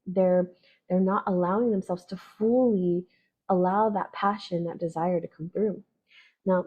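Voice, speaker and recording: A woman's voice: mid-range voice, slightly rough. A woman astrologer giving a casual spoken forecast, chatty and full of "right?" and "like". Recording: dull lo-fi audio.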